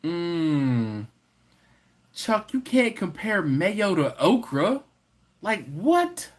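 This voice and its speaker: Brief: man, slightly higher pitch, playful livestream host bantering with chat. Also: very animated, drawn-out words. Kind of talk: casual live chat reading comments.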